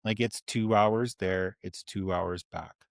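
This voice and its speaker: A man's voice: sits low, fairly even intonation, slow pace, vocal fry, no echo, clean studio sound. A man in his forties co-hosting a podcast, telling a candid, rambling story and swearing freely. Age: 40s. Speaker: podcast co-host. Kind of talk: casual chat.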